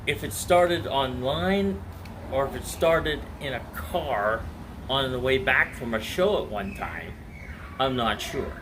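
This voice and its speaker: A man in an interview speaks slowly and hesitantly and stumbles over his words. His voice is mid-pitched. A loud hum of air conditioning runs under the recording. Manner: hesitant, repeats himself. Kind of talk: casual interview talk.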